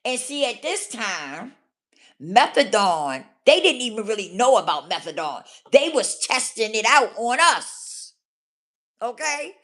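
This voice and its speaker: A woman speaks candidly to her viewers in a storytelling vlog, her pitch swinging high and low as she stresses each point. She is blunt and unfiltered, and she keeps checking in with her audience. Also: very animated, a little slow, a bit bright. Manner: emphatic, talks straight to viewers with frequent 'okay?' and 'do you hear me?'; blunt and profane. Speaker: vlogger.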